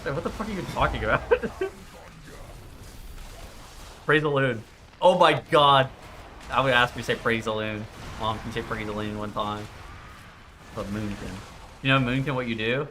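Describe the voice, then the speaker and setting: A man's voice: medium pitch, brisk, pushed and bright, a little hiss or hum. A man streaming live, chatting casually in a profane, rambling way.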